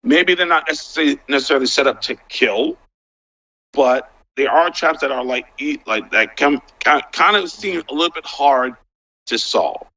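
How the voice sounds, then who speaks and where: A man with a bright voice talks as a guest on a casual panel, halting, restarting and stacking up "like" as he works out his point. His sound comes through dull and lo-fi. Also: medium pitch.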